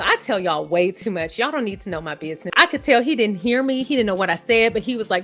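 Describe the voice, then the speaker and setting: A woman's voice: medium pitch, lively intonation, fast talker, hardly any pauses, a bit bright, soft background music. A woman vlogger giving casual commentary to her viewers, chatty and candid, poking fun at herself. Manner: chatty, candid, self-deprecating storyteller.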